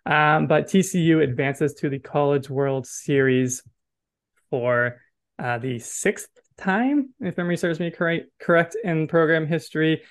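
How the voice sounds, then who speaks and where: A man hosting a college baseball podcast in casual chat, talking quickly and correcting his own facts as he goes. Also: fairly high pitch. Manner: chatty, self-correcting, checks facts aloud. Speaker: podcast host.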